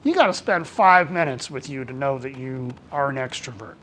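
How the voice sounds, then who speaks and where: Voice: medium pitch, animated, normal speed, fairly bright tone, a little hiss or hum. A workplace trainer giving a casual, talkative presentation to a small group. The delivery is colloquial, and the trainer acts out bits of dialogue.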